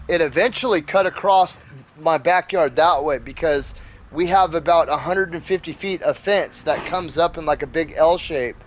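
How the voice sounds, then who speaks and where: A man hosting a gaming channel, telling a story in a rambling, profane, casual way. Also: on the high side. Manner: rambling and profane, with many fillers.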